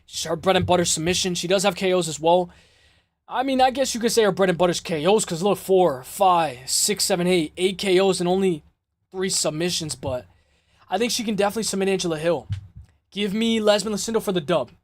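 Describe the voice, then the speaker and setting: High-voiced man hosting a fight stream. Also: brisk, dry recording. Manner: loose, swearing, reads chat aloud. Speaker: host of a live MMA stream. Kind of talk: casual live-stream chat.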